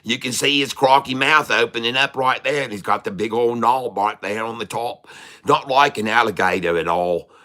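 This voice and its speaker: A man voicing a brash, excitable old Australian wildlife expert with a put-on Australian accent, rambling and laughing often. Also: medium pitch, normal speed, close to an everyday voice. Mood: boisterous. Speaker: day-trading streamer.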